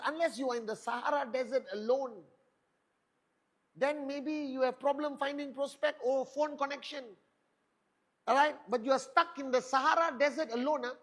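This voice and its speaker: A man's voice: extremely high pitch, moderate pace, a bit bright. A man delivering a motivational talk as a network marketing leader, firing off rhetorical questions with emphatic punch. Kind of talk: motivational speech.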